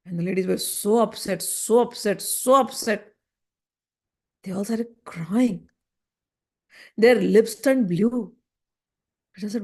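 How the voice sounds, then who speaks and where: A woman teaching a scripture lesson, telling the story in an animated way and acting out the voices in it. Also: medium pitch, slow, long pauses.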